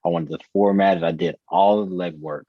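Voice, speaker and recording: A man's voice: low-pitched, steady tone, brisk, dry recording, lo-fi sound. A man in his thirties, a podcast guest telling a personal story in an earnest, reflective way, repeating phrases for emphasis. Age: 30s.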